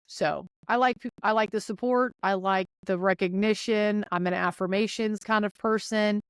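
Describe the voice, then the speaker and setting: A young woman hosting her podcast, giving listeners an energetic, chatty pep talk and speaking right to them. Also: mid-range voice, clear, resonant tone, dry recording, studio quality. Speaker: podcast host. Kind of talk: casual motivational monologue.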